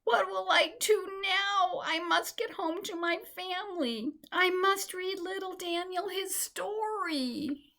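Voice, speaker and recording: A woman's voice: sits high, expressive, moderate pace, a bit bright, voice pushed up. A woman voicing a sweet young female mouse who is homesick and often tearful, with pleading cries. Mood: distressed.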